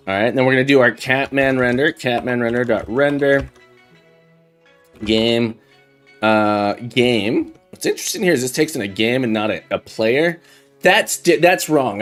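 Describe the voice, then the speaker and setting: Chatty man coding live. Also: medium pitch. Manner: thinks aloud while typing, chatty, self-deprecating. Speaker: livestream coding host. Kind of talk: casual live-coding chat. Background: faint background music and keyboard typing.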